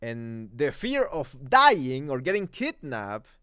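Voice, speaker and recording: A man's voice: mid-range voice, wildly swooping pitch, takes it slowly, pushed and bright, clear, resonant tone. A man from Mexico whose first language is Spanish speaks English with a Mexican Spanish accent, ranting through a heated, sarcastic movie commentary. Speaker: commentary YouTuber.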